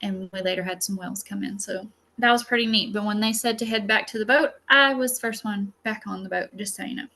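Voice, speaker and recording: A bright, clear-toned woman talks through her class in a loose, chatty way. She tells stories with lots of filler words, as a healer teaching her own workshop. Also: medium pitch, fairly quick, hardly any pauses. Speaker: psychic healer and masterclass teacher. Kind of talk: casual spoken lesson with a personal story.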